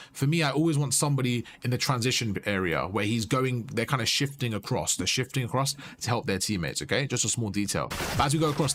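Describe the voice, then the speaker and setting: A man's voice: medium pitch, a bit bright. A man coaching a player as he reviews gameplay, explaining things step by step and often asking "you see?". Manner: instructive, repeats points with "you see?". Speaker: game coach. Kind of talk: coaching commentary over gameplay.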